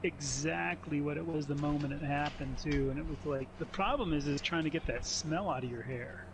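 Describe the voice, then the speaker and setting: A man's voice: fairly high pitch, brisk, background noise. A man in casual game chat, rambling through funny stories and laughing as he talks. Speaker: gamer chatting on stream.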